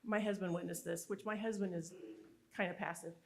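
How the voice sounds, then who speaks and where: A woman giving a motivational conference speech, telling stories in an animated, emphatic and candid way. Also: on the low side, brisk, creaky. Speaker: summit speaker. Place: live conference event.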